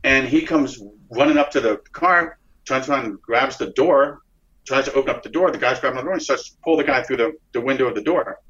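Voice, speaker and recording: A man, an interview guest, telling a dramatic story in a rambling, excited way with frequent restarts and swearing. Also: mid-range voice, a little fast. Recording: dull lo-fi recording.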